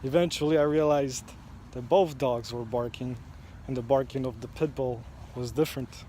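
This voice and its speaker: Man, mid pitch, slow reflective vlog storyteller, faint street traffic behind. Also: steady tone, warm tone. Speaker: vlogger. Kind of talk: first-person storytelling vlog.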